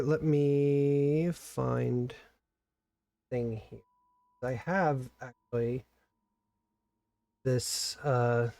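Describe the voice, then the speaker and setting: Slow, halting man running a tabletop game. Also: medium pitch, a little mellow. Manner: slow and halting, many ums. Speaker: game master.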